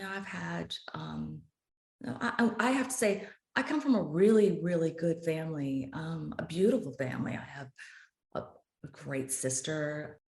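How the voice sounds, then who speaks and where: Give me a candid woman in her fifties with a low voice, recorded in a roomy space. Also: a little mellow. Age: 50s. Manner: earnest and open, with frequent restarts. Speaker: author and guest. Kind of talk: candid interview conversation. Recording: roomy echo.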